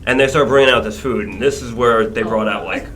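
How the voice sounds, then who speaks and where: A man in a band telling a story on a casual podcast, animated and swearing freely, laughing as he goes. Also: on the low side, a little fast, slight background noise. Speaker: band member guest.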